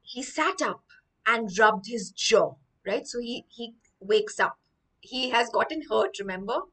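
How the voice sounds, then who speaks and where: A woman's voice: on the high side, measured pace, fairly bright tone, recorded from a distance, poor audio. A woman teaching English vocabulary through a story, explaining each line after she reads it.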